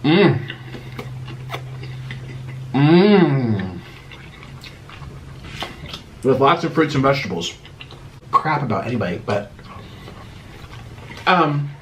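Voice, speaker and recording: A man's voice: medium pitch, sing-song, moderate pace, long pauses, a bit bright, slight background noise. A man who talks casually to the camera as he eats, naming each dish, humming and moaning over the food. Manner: chatty, talks while eating, moans and hums over food. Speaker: mukbang video creator. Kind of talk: casual eating video talk.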